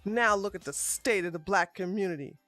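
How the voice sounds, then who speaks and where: A woman's voice: medium pitch, brisk, a bit bright, dry recording, faint music behind. A woman hosting a live stream, ranting in a combative, profane way with frequent restarts.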